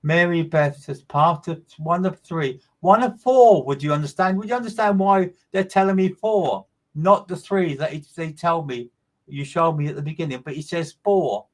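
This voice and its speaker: A man's voice: fairly high pitch, moderate pace. A man working as a medium, giving a live streamed reading in a repetitive, emphatic way and greeting listeners by name.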